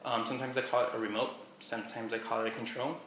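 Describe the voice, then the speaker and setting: A man's voice: mid-range voice, little pitch movement, quick pace, a bit bright. Young man, from Miami, casual vlogger, rambling asides, faint background hum. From Miami, Florida. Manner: chatty, rambling, self-doubting asides. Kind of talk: casual vlog, reading a list aloud. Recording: echoey room with faint hum.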